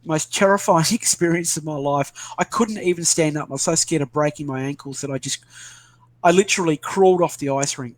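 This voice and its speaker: A man's voice: on the high side, fairly quick, no room sound. An older Australian man chatting casually, rambling and self-deprecating with many restarts. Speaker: interviewee. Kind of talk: casual video call chat.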